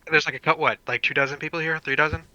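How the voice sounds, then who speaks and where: A man's voice: a little high, fairly even intonation, rapid-fire, pushed and bright, dry recording, lo-fi sound. A man playing a tabletop game, brash and profane. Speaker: player. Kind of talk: tabletop role-play.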